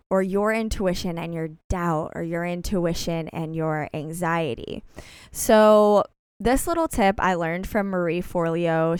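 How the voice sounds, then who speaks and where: Young woman, podcast host, smooth clear voice, dry close sound, earnest and encouraging delivery. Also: on the low side, a little mellow, no echo. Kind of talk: solo podcast talk.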